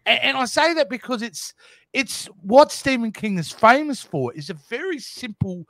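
Lively, bright-voiced Australian man. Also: very high-pitched, normal speed, no echo. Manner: playful, laughs often. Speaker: co-host. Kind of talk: casual chat.

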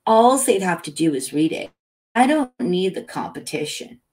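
A woman reading the lines of a smug, menacing grown man who taunts calmly and matter-of-factly. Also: fairly low pitch, normal speed, voice pushed up.

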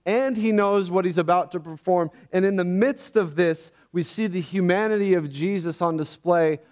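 An earnest man preaching in church, his voice sitting a little higher than most men's. He speaks reflectively, often halting and restarting as he works through his thoughts. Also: darkish tone. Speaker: pastor. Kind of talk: sermon.

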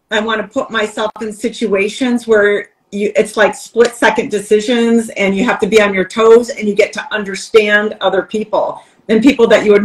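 Speaking at a medium pitch on a rough recording, a woman who coaches appears as a podcast guest, candidly sharing stories in conversation. She's lively, acts out the voices she quotes, and laughs as she tells them.

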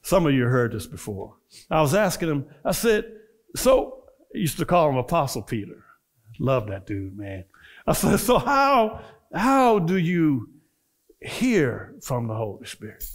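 Minister preaching in a raised voice. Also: male voice, a little high, measured pace. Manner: quizzes the congregation with call-and-response questions; builds from relaxed storytelling to fervent preaching. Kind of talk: conversational sermon. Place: church service before a congregation.

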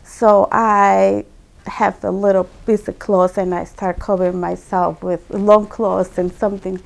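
A woman's voice: medium pitch, flat delivery, unhurried, creaky. A woman telling her personal story as a guest. She uses simple, non-native English phrasing, speaks earnestly and with emotion, and repeats words for emphasis.

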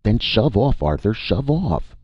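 A fidgety schemer whose gravelly voice keeps leaping up in nervous pleas, voiced by a male reader. He speaks in quick, eager bursts. The recording is dry and muffled. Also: low-pitched, very animated, no room sound, voice pushed up, full character voice. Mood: urgent.

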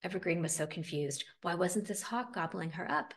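A woman reading a picture book aloud with expressive, dramatic storytelling. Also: lowish voice, normal speed. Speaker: storybook reader.

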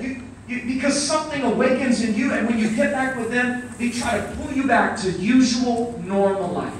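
Male preacher, high voice, animated storytelling sermon, recorded from a distance in a very echoey hall. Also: slight background noise. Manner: animated, acts out quotes and shouts.

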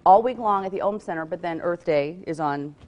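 A woman's voice: on the low side, fairly quick, darkish tone, highs cut off. A woman, a magazine guest chatting upbeat on a morning TV show and listing events with fillers. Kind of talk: casual morning TV chat.

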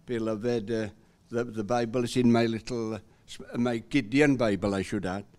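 A man's voice: mid-range voice, fairly even intonation, moderate pace, darkish tone. A Welsh man at a church service, chatting with a hesitant, self-deprecating manner before reading scripture. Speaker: scripture reader. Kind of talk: casual remarks before a reading.

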